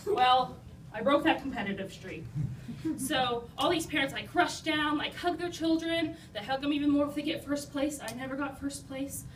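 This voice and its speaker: A young woman with a high-pitched voice and moderate pace tells funny, self-deprecating stories about her own life to a live audience, chatty and full of "like" and "you know." The recording is roomy and noisy, from a distant mic.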